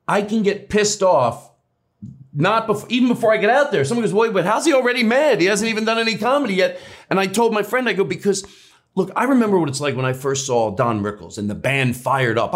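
Animated higher-voiced male comedian. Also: brisk. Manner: animated, rambling, restarts and swears. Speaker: comedian guest. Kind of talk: casual interview chat.

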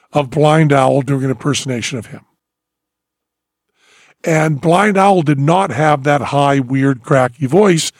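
A man hosts a casual podcast chat, spinning long excited stories about music and now and then breaking into song. His voice sits a little higher than most men's. The sound is close and dry, with no room around it. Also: no echo. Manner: animated storyteller, bursts into sung snippets. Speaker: podcast host.

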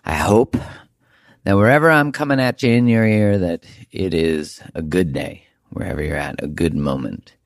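A man's voice: deep voice, normal speed, no echo, clean studio sound. A man hosting a podcast, talking earnestly and emphatically in a reflective monologue, with the odd casual swear. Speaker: podcast host.

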